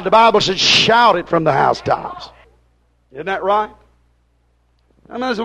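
A man preaching a fiery sermon to his congregation in folksy dialect grammar, hollering at them and then dropping to a hushed plea. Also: high-pitched, big pitch swings, a little fast, vocal fry, pauses often.

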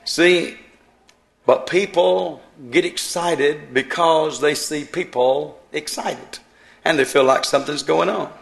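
A man's voice: on the high side, a bit bright. Fervent older preacher, man. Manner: fervent, rising to emphatic peaks, drawn-out stressed words. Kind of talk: Pentecostal-style sermon.

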